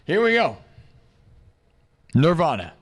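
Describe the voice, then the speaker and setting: A man ranting casually to his live-stream audience, joking around and acting out quick little exchanges in other voices. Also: on the high side, huge pitch swings, husky. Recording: music playing behind the voice.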